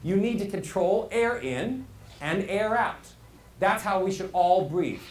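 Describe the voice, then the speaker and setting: A man teaching a live workshop as a voice coach, animated and demonstrative, asking his audience questions. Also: sits high, measured pace. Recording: roomy echo, faint hall ambience.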